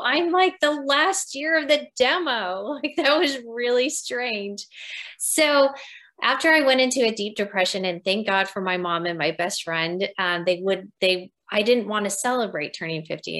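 A woman in her fifties, a podcast guest telling her story in a lively interview, laughing often and acting out quoted dialogue. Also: medium pitch. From United States. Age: 50s.

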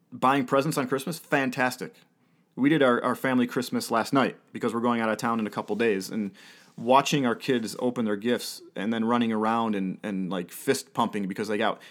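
Earnest man preaching a sermon. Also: medium pitch. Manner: earnest, rhetorical questions and repetition, with occasional laughs. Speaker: pastor.

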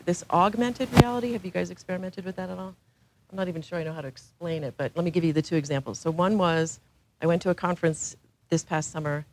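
A woman's voice: on the low side, slight background noise, rough recording. A woman speaking on a panel in a frank, joking way. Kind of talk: casual talk on a panel.

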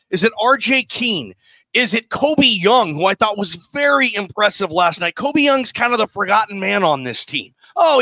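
American sports radio host, bright voice, chatty and excitable, dry close sound. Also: male voice, high voice, dry recording. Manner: chatty, excitable, jumps between thoughts. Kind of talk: casual sports talk.

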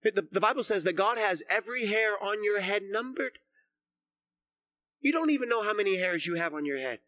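Fervent, high, bright-voiced preacher man. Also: lively intonation, a little fast. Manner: builds to loud, fervent shouting; drops to soft, low emphasis on key phrases. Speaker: senior pastor. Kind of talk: sermon. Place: church sanctuary.

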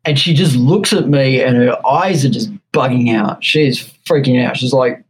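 A man with an Australian accent, a guitar maker being interviewed, telling an animated story and acting out the quotes. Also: mid-range voice, moderate pace, breathy edge, poor audio. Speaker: guest luthier.

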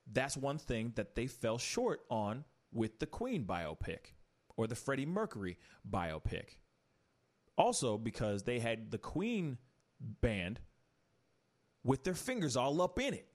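An opinionated man hosting an online talk show, his pitch swinging widely as he rambles. He sits at a middle pitch and talks to his viewers in a loose, animated way. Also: slow pace. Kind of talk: casual commentary show.

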